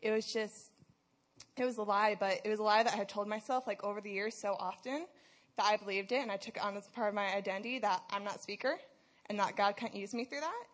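A woman's voice: mid-range voice, fast talker. A young woman, a student leader, giving a candid and conversational testimony at a youth service, often saying "like" as she talks.

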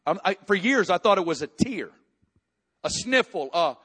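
A man preaching a sermon, reading scripture and building to impassioned, near-shouted prayer. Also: high-pitched, sing-song, normal speed, slightly rough. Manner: impassioned preaching, rising to shouts in emotional passages. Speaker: pastor.

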